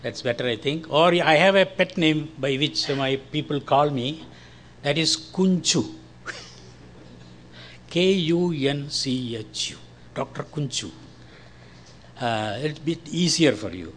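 An older man from India with a Malayalam-influenced Indian accent, giving a slow, careful church testimony. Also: fairly high pitch, lively intonation, fairly bright tone, slight background noise. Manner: slow, careful, friendly with short laughs. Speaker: guest speaker giving testimony.

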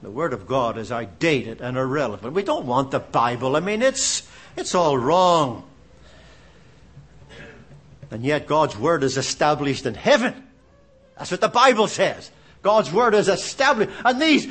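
A man's voice: high voice, fairly bright tone. A man from Canada preaching a sermon, impassioned, asking rhetorical questions and repeating phrases for emphasis.

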